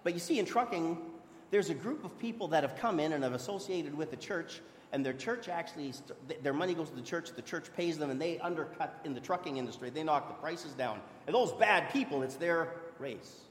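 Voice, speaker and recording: A man's voice: a little high, expressive, moderate pace, slight background noise. A man preaching a sermon in a church, earnest and conversational, often restarting his sentences. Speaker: pastor. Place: church hall. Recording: echoey hall with long reverb.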